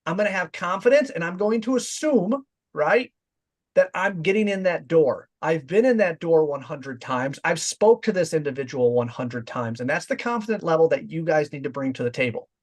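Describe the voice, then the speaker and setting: Male sales coach, pitch a bit high, direct and confident delivery, acts out examples. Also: animated, normal speed. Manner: direct, demonstrates voice tones in quoted examples. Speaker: sales trainer. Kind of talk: training talk.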